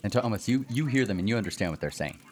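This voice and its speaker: A man narrating as game master, relaxed and descriptive with casual fillers. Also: on the low side, racing. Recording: faint background noise.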